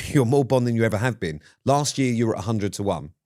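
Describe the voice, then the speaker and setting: A man's voice: fairly low pitch, expressive, fast, darkish tone. A British man co-hosting a podcast in casual chat, dry and teasing as he steers the talk. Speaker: podcast co-host.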